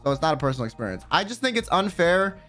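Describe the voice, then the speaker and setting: A man's voice: a little high, sing-song, racing, a bit bright, soft background music. A man streaming live, ranting bluntly and with plenty of profanity while he reads out viewer messages. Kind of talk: casual livestream rant.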